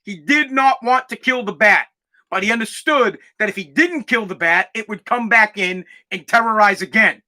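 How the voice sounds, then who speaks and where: A man's voice: sits high, moderate pace, pushed and bright. A young man hosting a podcast, telling stories in a brash, profane, emphatic way. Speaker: podcast host. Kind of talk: casual storytelling chat.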